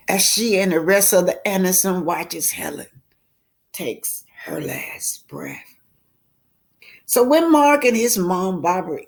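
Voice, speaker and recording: Expressive woman reading a novel aloud. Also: on the low side. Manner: dramatic, voices characters, asides to listeners. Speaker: book club reader.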